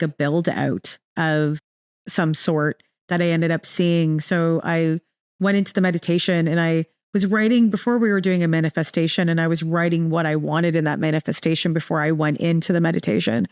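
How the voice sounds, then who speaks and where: Woman interview guest, lowish pitch, rambling restarts, dry close sound. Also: dry recording. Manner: rambling, many restarts and fillers, animated retelling. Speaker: podcast guest. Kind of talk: casual interview storytelling.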